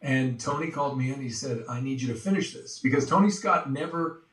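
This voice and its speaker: A man being interviewed as a voice actor, telling stories in an animated way and slipping into quick impressions. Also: mid-range voice. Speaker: voice actor guest. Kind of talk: casual interview chat. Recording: roomy, distant from the mic.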